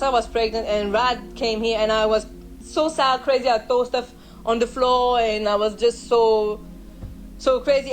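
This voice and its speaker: A young woman from France, telling a personal story in a vlog in an emotional, halting way with many restarts. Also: a little high, low-quality recording. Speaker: vlogger.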